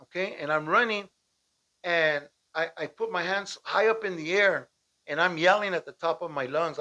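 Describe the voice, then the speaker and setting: A man from Southern California tells his story in a loose, animated voice that sits on the higher side. He keeps checking in with "right?" and acts out the shouting. The home recording sounds dull and muffled. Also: fairly quick, gravelly. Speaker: storyteller recounting a personal escape. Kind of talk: casual spoken storytelling. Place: at home with dogs nearby.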